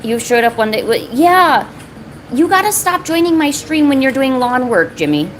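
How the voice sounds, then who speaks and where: A woman's voice: sits high, sing-song, normal speed, slight background noise, poor audio. A woman chatting casually on her art live stream, talking to viewers and cooing at her cat between drawing. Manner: chatty, coos baby talk to her cat.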